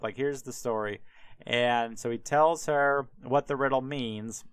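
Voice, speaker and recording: Podcast guy, smooth clear voice, dry sound, rambling and cussing his way through a bible story. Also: medium pitch, fairly bright tone, no echo. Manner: irreverent, profane, heavy on fillers. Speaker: podcast host. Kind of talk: casual comedic retelling of a Bible story.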